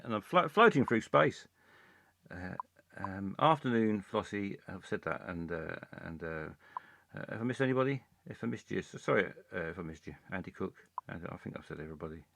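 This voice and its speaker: A man hosting a comic live stream, rambling along with halting speech full of fillers and restarts. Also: fairly low pitch, gravelly, bright, forceful tone, a little hiss or hum.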